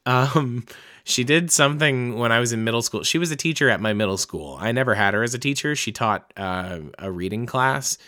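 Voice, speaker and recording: A young man with a bright, forceful voice rambles casually as host of a book-reading show. He swears freely and pokes fun at himself. His pitch sits in an ordinary middle range for a man. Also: brisk. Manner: chatty, profane, self-mocking. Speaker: podcast host reading books aloud.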